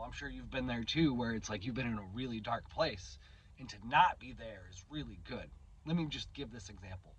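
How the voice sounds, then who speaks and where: A man's voice: medium pitch, brisk, a bit bright, slight background noise, poor audio. A man in his thirties hosting his own channel, talking through a candid personal monologue, swearing casually and often restarting his sentences. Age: 30s. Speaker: channel host.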